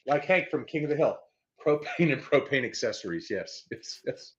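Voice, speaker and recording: A man's voice: mid-range voice, expressive, moderate pace. A man co-hosting a casual chat show with viewers, joking about himself with lots of stammered restarts. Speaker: co-host of a slots show. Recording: slightly dull lo-fi sound.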